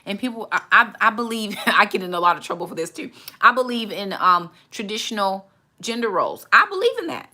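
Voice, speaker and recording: A woman, hosting a casual faith talk and switching into quick high voices to act out other people. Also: sharp tone. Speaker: channel host, mother giving faith advice.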